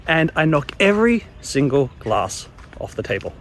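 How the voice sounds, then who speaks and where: A young man telling his own embarrassing stories in a casual, animated way, chuckling along as he goes. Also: on the high side, moderate pace, faint music behind. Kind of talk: casual storytelling monologue.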